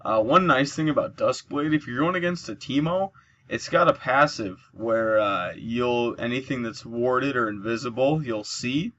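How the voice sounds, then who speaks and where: A man's voice: mid-range voice, normal speed, dull audio. A man giving chatty let's play commentary, explaining moves and cheering at his kills. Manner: chatty, explains mechanics, excited bursts at kills. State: sleepy, yawning. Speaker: gameplay commentator.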